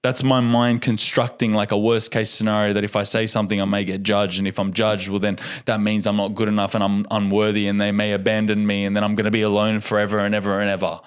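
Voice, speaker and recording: A young man, a podcast guest, telling a story in a casual and animated way, laughing often and acting out what people said. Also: fairly low pitch, quick pace, few pauses, clear, resonant tone.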